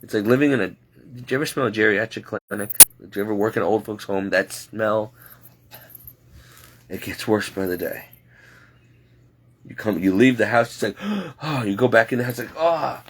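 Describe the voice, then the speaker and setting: A man's voice: on the low side, normal speed, long pauses, slight background noise. A man, a home caregiver, rambling and exasperated as he vents in a late-night vlog. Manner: talking to himself, restless and frustrated.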